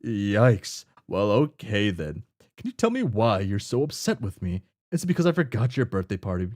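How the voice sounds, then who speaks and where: A man's voice: on the low side, very animated, moderate pace, darkish tone, voice pushed down. A man voicing a cheerful, clueless young man who talks in folksy old-fashioned slang while reading a webcomic aloud. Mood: placating. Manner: folksy, upbeat, oblivious.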